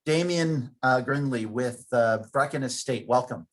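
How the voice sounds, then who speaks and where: A man's voice: mid-range voice, measured pace. A man hosting a virtual wine tasting on a video call, upbeat and self-deprecating as he introduces the guests. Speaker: host.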